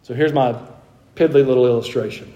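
A man's voice: mid-range voice, fairly even intonation, fairly quick, dark tone, dull audio. A man preaching a sermon as a pastor, reading scripture aloud and building up fervor as he speaks. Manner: preaching with rising fervor, quoting scripture in old wording. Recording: echoey room.

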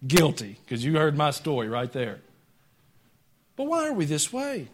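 A man preaching a sermon to his congregation. He talks conversationally, pushing some lines out loud and dropping others to quiet joking asides. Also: fairly high pitch, huge pitch swings, moderate pace. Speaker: pastor. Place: church sanctuary.

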